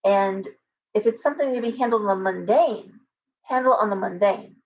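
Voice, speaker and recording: A woman's voice: mid-range voice, fairly quick. A woman hosting a casual tarot livestream, talking animatedly with restarts and asides to her viewers. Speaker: tarot reader and livestream host. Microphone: webcam with ring light. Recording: slightly dull lo-fi stream audio.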